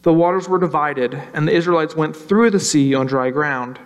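A man preaching a sermon in a conversational way, slowing down to stress key lines and briefly acting out anxious voices. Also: on the high side, clean tone. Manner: conversational, acts out worried voices, slows for emphasis. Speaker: pastor.

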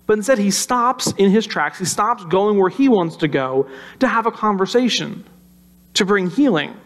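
A man with a high voice preaches a sermon. He talks conversationally and tells the story with animation. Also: lively intonation, normal speed, a bit bright. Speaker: pastor.

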